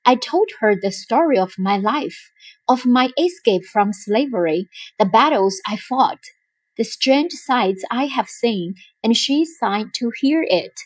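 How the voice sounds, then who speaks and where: A woman's voice: on the high side, expressive, unhurried, no echo. A woman voicing a proud male general in a storybook reading, speaking with pride. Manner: proud, announcing.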